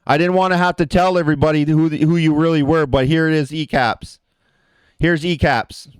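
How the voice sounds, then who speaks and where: Man, livestream rant, heated and profane, higher voice, smooth and dry. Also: steady tone, brisk, no echo. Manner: addresses chat viewers directly. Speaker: livestream host.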